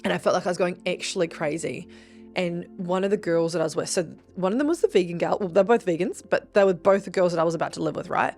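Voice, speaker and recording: A woman's voice: fairly low pitch, fast talker, a little mellow, faint music behind. A young Australian woman hosting a podcast, telling a personal story in a chatty, swearing way and acting out the voices she quotes. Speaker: podcast host. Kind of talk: casual storytelling monologue.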